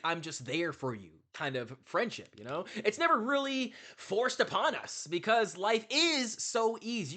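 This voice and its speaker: A man's voice: high-pitched, pushed and bright. A man giving casual, rambling gameplay commentary, swearing freely and musing on life as he plays. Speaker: let's play streamer.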